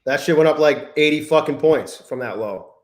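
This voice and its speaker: This live-stream trading commentary comes from a man whose voice sits on the high side, speaking at a moderate pace in an echoey room. He swears a lot, grumbles in frustration, and says hello to chat by name.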